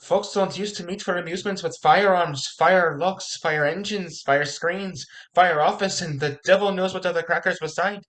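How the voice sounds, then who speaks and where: A woman's voice: on the low side, moderate pace, few pauses, close to an everyday voice. A woman playing a flustered country manservant. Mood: ominous. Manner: frantic, breathless alarm. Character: flustered rustic male servant, old-fashioned. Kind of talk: stage comedy acting.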